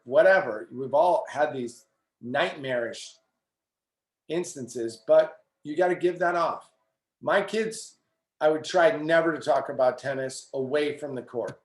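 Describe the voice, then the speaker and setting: A middle-aged male tennis coach speaking in a webinar, his voice sitting a little high for a man. He tells his stories with quoted asides and keeps dropping in "you know". The sound is roomy and echoey. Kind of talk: webinar talk.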